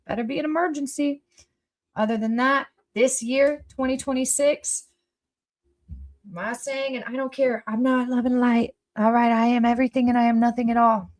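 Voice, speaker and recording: A woman talking casually to her viewers, blunt and emphatic, who swears freely and swings from loud outbursts to soft asides. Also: fairly high pitch, fairly even intonation, moderate pace. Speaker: vlogger. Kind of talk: casual personal talk to viewers.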